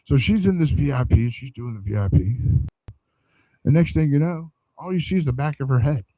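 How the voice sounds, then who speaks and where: A man's voice: on the high side, a little fast, no room sound, poor audio. A man on a podcast, telling a crude story in casual, profane chat and acting out the lines of the people in it. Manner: profane, animated storyteller acting out quoted dialogue.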